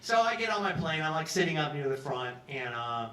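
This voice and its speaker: A man's voice: on the high side, very animated, fairly quick, bright, forceful tone, slight background noise. Rambling male storyteller in a pub. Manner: rambling, conversational, acts out quotes. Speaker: storyteller at an open mic. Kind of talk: live comic storytelling. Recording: roomy live pub sound from a distance.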